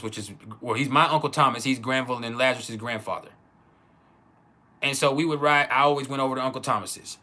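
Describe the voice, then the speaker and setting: A man telling a personal childhood story in a casual, halting way, with many restarts. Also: mid-range voice, pushed and bright. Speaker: channel host.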